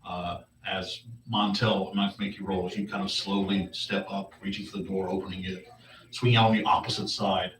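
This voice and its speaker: Low-voiced game master, distant and echoey. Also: male voice, level tone, fairly bright tone. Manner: halting, restarts often, low-key. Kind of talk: narrating a tabletop game. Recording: echoey room, mic far off, faint hiss.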